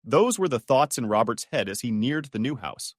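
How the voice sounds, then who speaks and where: A man reading out a dramatic story, his pitch rising and falling a lot as he tells it. it is recorded close to the mic and sounds very dry, with no room around it. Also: sing-song, normal speed, dry recording. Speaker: narrator. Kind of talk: scripted story narration.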